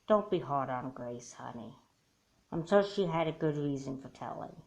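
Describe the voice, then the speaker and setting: A woman voicing a gentle, reassuring mother in a doll movie. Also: a bass voice, lively intonation, moderate pace, creaky, voice pushed down, exaggerated voice, low-quality recording. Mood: soothing. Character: soothing mother of a girl.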